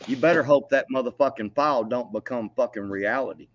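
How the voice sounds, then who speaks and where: A man's voice: medium pitch, brisk, highs cut off. A man, angrily ranting and taunting with profanity on a livestream. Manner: angry, profane, taunting, laughs mockingly. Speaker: livestream co-host. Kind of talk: heated livestream rant.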